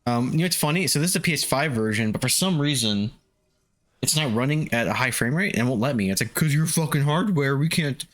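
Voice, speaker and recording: A man's voice: medium pitch, lively intonation, fairly quick, fairly bright tone. A man casually commentating his game stream, swearing freely and laughing often.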